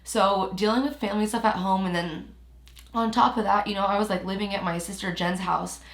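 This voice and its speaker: A woman's voice: medium pitch, fairly even intonation, fairly quick, roomy sound. A young woman vlogging about her feelings, close to tears, rambling with lots of fillers. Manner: rambling, heavy use of "like", emotional. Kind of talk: emotional personal vlog talk.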